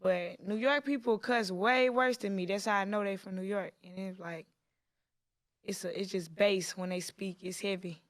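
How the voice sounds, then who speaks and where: A woman's voice: mid-range voice, fairly even intonation, moderate pace, no echo, studio quality. A woman from Tennessee, chatting casually as an interview guest, laid-back and full of slang and fillers. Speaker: guest rapper.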